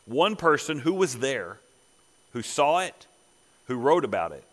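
A man preaching a sermon as pastor, swelling to emphatic peaks and dropping to quiet asides. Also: medium pitch, very animated, measured pace, in a large hall. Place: church sanctuary.

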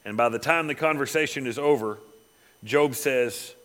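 A man preaching a sermon, reading scripture dramatically and dropping to quiet, pointed asides. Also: medium pitch, moderate pace.

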